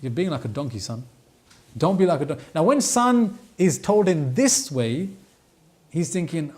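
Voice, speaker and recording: A man giving a religious lesson with a fairly high voice. He explains verses in an animated way, switching into playful voices and reciting Arabic passages. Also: a little slow. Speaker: Quran teacher. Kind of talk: lecture on Quranic advice.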